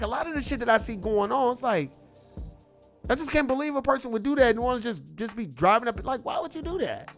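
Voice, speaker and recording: Heated high-voiced man ranting. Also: a bit bright. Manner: heated, rhetorical questions, repetitive, slangy. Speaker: political commentator. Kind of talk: casual ranting monologue.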